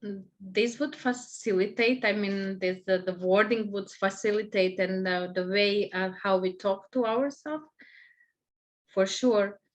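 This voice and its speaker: A woman's voice: medium pitch, unhurried. A woman in a group call, hesitant, restarting sentences to explain what she meant. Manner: hesitant, many ums and restarts. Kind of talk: casual group call talk.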